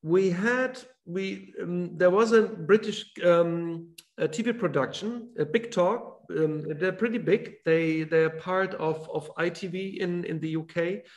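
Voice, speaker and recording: A German man speaks English as a guest author, his voice sitting a little high for a man. He talks hesitantly, stopping and restarting with many fillers. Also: measured pace, few pauses. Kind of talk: online talk.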